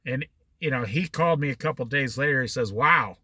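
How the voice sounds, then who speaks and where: A man's voice: medium pitch, fast, a bit bright, no room sound. A man giving a motivational talk in a folksy way, repeating his points for emphasis. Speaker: speaker.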